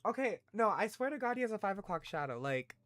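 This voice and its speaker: A male streamer chatting casually over a game, rambling and swearing freely. His pitch jumps around in lively swings, and he often puts himself down. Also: quick pace. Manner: rambling, swearing, self-deprecating.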